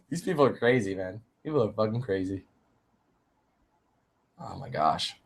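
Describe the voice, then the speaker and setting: A man in his twenties chatting on a live-streamed Q&A, animated, swearing and laughing often. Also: fairly low pitch, measured pace, vocal fry, breathy edge. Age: 20s. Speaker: YouTube gamer and streamer.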